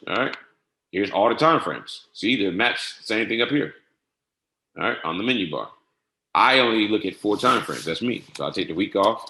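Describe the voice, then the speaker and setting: Man, casual software tutorial, lowish voice, spells things out step by step, echoey room. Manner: casual, repeats "all right" and spells codes out slowly. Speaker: trading software instructor. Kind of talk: screen-share software tutorial.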